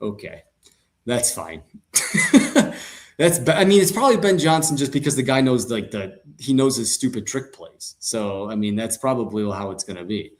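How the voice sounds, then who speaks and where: Animated joking man talking football. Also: medium pitch, moderate pace. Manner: animated, joking, many fillers and restarts. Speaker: podcast co-host. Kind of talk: casual sports chat.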